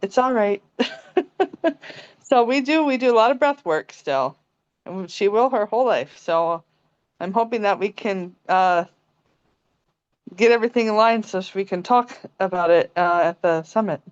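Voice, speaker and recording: A young woman talks gently and calmly, laughing lightly as she shares a personal story on a video call. Her voice is smooth and resonant. The sound is dry and close, slightly dull, as from a phone camera. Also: mid-range voice, measured pace, long pauses, no room sound. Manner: calm, gentle, laughs often. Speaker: meditation participant sharing a story. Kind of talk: casual spoken testimony on a video call.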